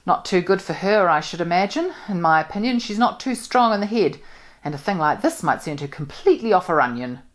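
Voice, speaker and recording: A woman reading aloud and voicing a blunt, loud, self-assured middle-aged spinster who gossips briskly. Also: fairly low pitch, lively intonation, pitched above the performer's own voice, close to an everyday voice. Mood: blunt, gossipy.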